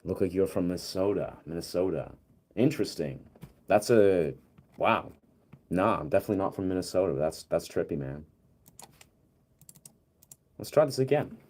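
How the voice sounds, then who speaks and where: A man's voice: sits low, animated, moderate pace, long pauses, darkish tone. A man streaming as a music producer, talking casually to himself and his chat while troubleshooting his setup.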